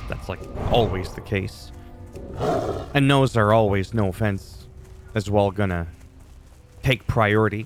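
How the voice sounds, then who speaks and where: A man with a fairly low voice, talks through his gameplay in a loose, opinionated rant. He swears freely and wanders between tangents. Faint game music sits quietly behind him. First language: French. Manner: ranty, profane, opinionated. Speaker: gaming YouTuber. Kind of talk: casual gameplay commentary.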